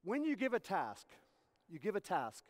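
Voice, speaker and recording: His voice sits high and swings hugely in pitch at a normal speed as this tennis coach educator delivers a conference coaching lecture. He demonstrates through acted-out examples and keeps checking in with the audience, captured in a reverberant hall.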